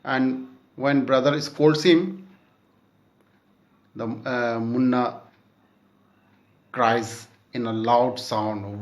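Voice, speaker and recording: A man's voice: mid-range voice, fairly even intonation, extremely slow, pauses often, dull audio. A man teaching a class lesson, reading a story aloud and explaining word meanings, often checking in with "okay?". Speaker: school teacher.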